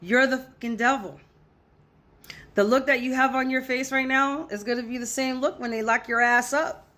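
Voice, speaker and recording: A woman's voice: sits high, fairly even intonation, normal speed, sharp tone. A woman filming an angry reaction rant to camera, heated and profane, repeating her points for emphasis. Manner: heated, profane, repetitive ranting. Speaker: social media commentator.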